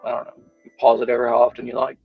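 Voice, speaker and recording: A man's voice: mid-range voice, monotone, very fast, gravelly, breathy edge, narrow, tinny audio, soft background music. A man co-hosting a livestream, talking in a rambling way with many fillers. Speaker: podcast co-host. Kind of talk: casual livestream chat.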